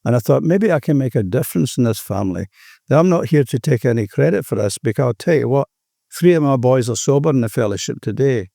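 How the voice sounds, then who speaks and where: A man's voice: medium pitch, expressive, fast talker, vocal fry, mellow, dry recording, clean studio sound. An older Australian man sharing his recovery story at a meeting, earnest and rambling, often saying "you know".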